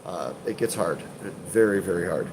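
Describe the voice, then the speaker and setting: Congested low-voiced man rambling on a stream. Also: lively intonation, normal speed, background noise. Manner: rambling, hesitant, many fillers and restarts, swears casually. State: congested, stuffed up. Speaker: urban exploration channel host. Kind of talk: casual live-stream chat.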